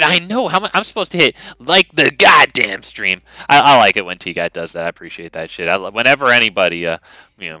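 A man streaming a card game who talks in loose, rambling commentary and swears freely as he goes. His voice is bright and clean, and his pitch rises and falls a lot. The close mic gives a dry, intimate sound. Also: clear, resonant tone, no echo. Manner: rambling and profane, frequent restarts. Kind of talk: casual gameplay commentary.

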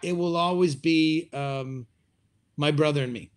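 Reflective middle-aged man, lightly higher voice. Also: unhurried, clear, resonant tone. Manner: reflective, hesitant with many fillers. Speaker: restaurateur guest. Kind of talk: interview conversation.

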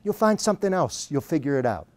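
A man's voice: a little high, big pitch swings, fast talker, a little mellow, dry recording. A man putting on a cheery Australian coach. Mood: cheery, teasing. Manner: cheerful, teasing, pep-talk tone. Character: cheery, upbeat male life coach with an Australian accent.

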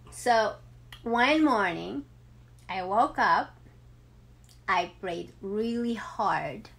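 A woman in her thirties talking heartfelt and emotional in a personal vlog, with many ums and pauses. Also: medium pitch, creaky, a bit bright. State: emotional, near tears. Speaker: vlogger.

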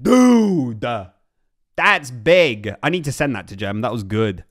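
A young man streaming, reacting excitedly to clips in a casual chat and repeating himself as he talks. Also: mid-range voice, normal speed.

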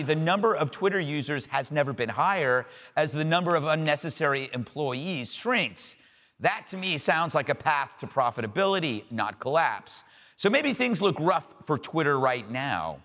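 A man hosting a comic talk show, delivering sarcastic deadpan jokes and banter with his panel. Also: a little high, long reverb tail. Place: television studio.

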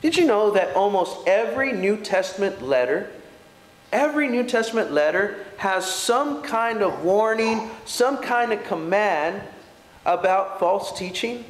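Casting: earnest preacher, high voice, rhetorical questions, echoey church. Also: male voice, animated, a little slow. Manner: earnest, rising to emphatic peaks, rhetorical questions. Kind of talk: sermon. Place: church hall.

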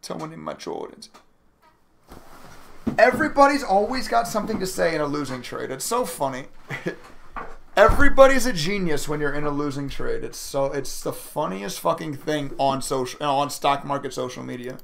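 A man's voice: fairly high pitch, big pitch swings, moderate pace, vocal fry, fairly bright tone, slight background noise. A young man streaming his day trading live, talking casually to his chat, frustrated and swearing as he reads messages. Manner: frustrated, swearing, chatting to viewers.

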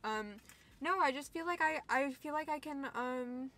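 A young woman vlogs at the beach, talking casually to the camera at a measured pace, her voice sitting high, bright and forceful. She rambles emotionally and swears freely at her viewers, with faint outdoor ambience behind her.

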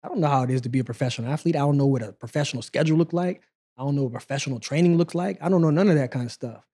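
A man in his forties, a guest on an interview show, telling stories from his past in a relaxed, conversational way. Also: medium pitch, racing. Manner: relaxed, conversational, acts out quoted dialogue. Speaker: interview guest, former sprinter. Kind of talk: casual storytelling interview.

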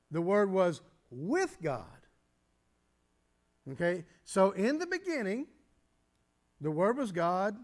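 A man preaching a teaching sermon, explaining step by step and often pausing with fillers and restarts. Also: sits high. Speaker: pastor.

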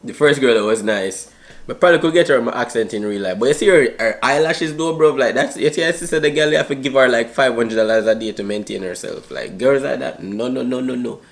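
A man's voice: mid-range voice, fairly quick, gravelly. A young man with a put-on Jamaican accent, teasing and bantering crudely in patois on a video chat app. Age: young adult. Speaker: YouTuber.

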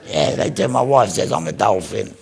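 A man's voice: lowish voice, animated, normal speed, gravelly. A man on a conference panel who talks in a wry, storytelling way. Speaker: panel speaker. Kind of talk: casual panel discussion.

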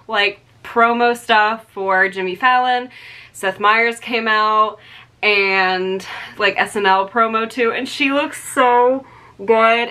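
A woman in her twenties chatting casually to her vlog audience at home, gushing and excitable, with lots of "like" and "um". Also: medium pitch, no echo. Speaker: vlogger. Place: at home, indoors.

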